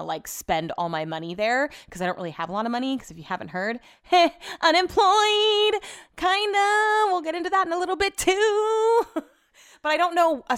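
A woman's voice: lowish voice, clear, resonant tone. Chatty woman venting in a podcast. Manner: chatty, exasperated storytelling with swearing; laughs at herself mid-story. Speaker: podcast host. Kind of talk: casual chat.

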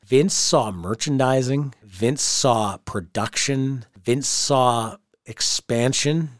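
A man's voice: mid-range voice, no room sound, clean studio sound. A man co-hosting a podcast in casual chat, talking in a blunt, opinionated way. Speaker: podcast co-host.

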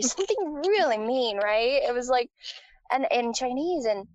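A woman's voice: on the high side, animated, normal speed, low-quality recording. A woman from Taiwan, a guest in a casual interview, telling a personal story with lots of fillers and restarts.

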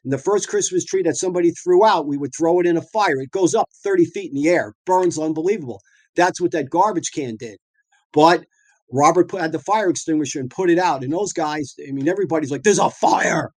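This fast-talking guest is a middle-aged man from the northeastern United States who owns a dental practice. He rattles off anecdotes in a casual, spirited way, often restarting and leaning on filler words. His slightly high male voice comes through close and dry, free of room echo.

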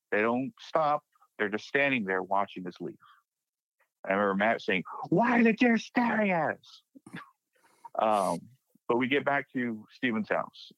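A young man from Texas, a podcast guest, casually retelling a personal paranormal experience and acting out his friends' panicked lines with lively shifts. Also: fairly low pitch, dry recording. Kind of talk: casual spoken storytelling. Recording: dry, dull lo-fi podcast mic.

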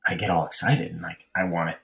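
A man's voice: sits low, fairly even intonation, fast talker, creaky, sharp tone. A young man telling a long personal story in a casual chat, rambling with lots of fillers and restarts. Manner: rambling, self-deprecating, frequent fillers and restarts. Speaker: podcast storyteller.

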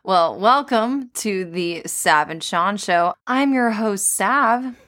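A woman's voice: medium pitch, animated, slow pace, fairly bright tone. A young woman co-hosting a casual podcast, chatty and giggly, telling stories with playful voices. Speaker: co-host.

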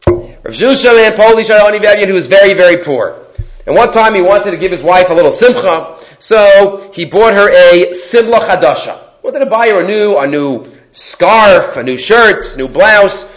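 Brief: high-pitched male Torah teacher, casual lecture, drops in Hebrew terms. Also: lively intonation, normal speed. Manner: mixes in Hebrew terms, often asks "right?".

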